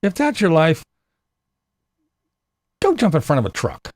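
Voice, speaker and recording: A man's voice: on the high side, huge pitch swings, measured pace, a little mellow, dry recording, studio quality. A man hosting his own channel, delivering a profane, exasperated rant straight to his viewers. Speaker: channel host. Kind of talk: ranting vlog monologue.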